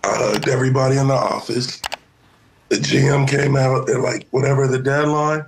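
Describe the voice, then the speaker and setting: A man with a hoarse, worn-out voice, a former player just out of bed, joking loosely through a casual interview. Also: mid-range voice, fairly even intonation, moderate pace, noisy background. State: hoarse, lost voice; just woke up.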